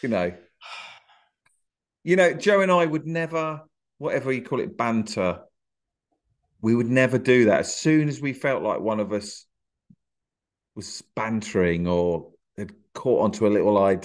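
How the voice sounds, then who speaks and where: A man's voice: fairly low pitch, unhurried, long pauses. A man guesting on a podcast, talking shyly with dry, self-deprecating humour. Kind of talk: casual podcast interview.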